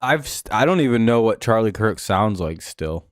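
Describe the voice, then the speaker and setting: A man's voice: fairly low pitch, animated, normal speed, no room sound. A man hosting a live stream, giving laid-back, dry play-by-play and chatting with viewers. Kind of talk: casual game-watching commentary.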